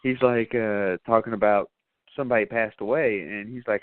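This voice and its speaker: A man hosting a casual podcast, rambling loosely through a movie recap with plenty of fillers and swearing. His voice sits at an ordinary middle pitch. The sound is squeezed and tinny, like a phone line. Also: steady tone, moderate pace, clean tone, no room sound. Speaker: podcast host.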